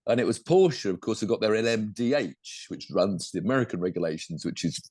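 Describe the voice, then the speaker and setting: Casual podcast co-host with a low voice and a dry sound, rambling and self-correcting. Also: male voice, lively intonation, fairly quick, a little mellow, husky, dry recording. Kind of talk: casual motorsport chat.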